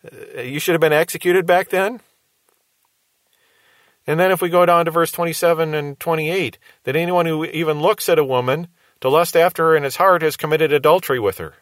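A man's voice: fairly high pitch, steady tone, a little fast, no room sound. Earnest man teaching scripture on radio. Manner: earnest, reasons with rhetorical questions.

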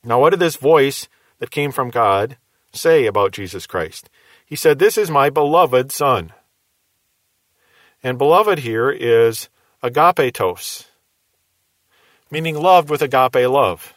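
Measured male Bible teacher, dry sound. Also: mid-range voice, animated, a bit bright, no room sound. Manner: measured, explaining, asks rhetorical questions.

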